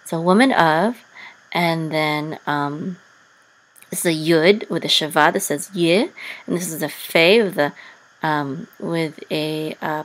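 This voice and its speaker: A woman's voice: deep voice, a bit bright, poor audio. A woman teaching a language lesson step by step, patiently sounding out syllables and correcting herself as she goes. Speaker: Hebrew and Torah chanting teacher.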